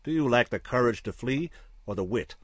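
A man's voice: mid-range voice, expressive, moderate pace, husky, dry recording, studio quality, voice pushed up. A man voicing a hulking, bitter male space warrior who speaks in blunt threats. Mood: menacing.

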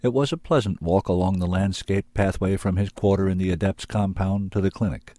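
A man narrates a story in a measured, steady read. His voice is very deep, and the recording is close and dry, with no room sound at all. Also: no room sound. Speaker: reader of submitted manuscripts.

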